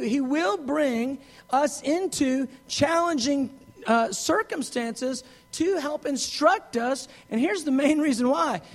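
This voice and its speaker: A man preaching a sermon in an animated, conversational way, with frequent asides and acted quotes. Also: extremely high pitch, gravelly.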